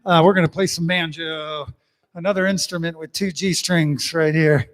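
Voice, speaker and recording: A man's voice: on the high side, steady tone, normal speed. Chatty older man telling jokes. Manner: chatty, joke-telling with folksy asides. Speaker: musician and host of an online living room concert. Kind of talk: casual banter and jokes between songs. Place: his home living room. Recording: long reverb with banjo music behind.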